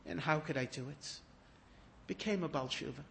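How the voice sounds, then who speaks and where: High-voiced man telling sermon stories. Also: normal speed. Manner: animated storyteller, rising to emphatic peaks. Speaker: rabbi giving a talk. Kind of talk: storytelling sermon.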